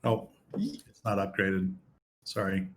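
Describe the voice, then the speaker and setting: A man running a tabletop game as game master, narrating scenes and calling for checks in a casual, halting way. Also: deep voice, sing-song.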